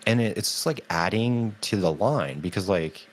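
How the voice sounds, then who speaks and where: A man's voice: fairly low pitch, normal speed. A man co-hosting a podcast, telling a story in casual chat and acting out other people's lines. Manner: animated storytelling, acts out quotes in a raised voice. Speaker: podcast co-host.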